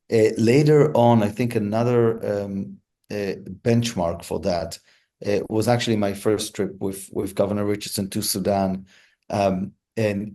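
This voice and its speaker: A man being interviewed as a hostage negotiator, telling stories reflectively with frequent restarts. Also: on the low side. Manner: thoughtful, many restarts, relaxed storytelling pace.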